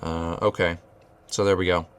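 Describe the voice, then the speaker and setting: A man's voice: low voice, level tone, normal speed, clean tone. A man teaching rhythm at a whiteboard, thinking aloud with fillers and restarts and chanting rhythm syllables. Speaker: music teacher.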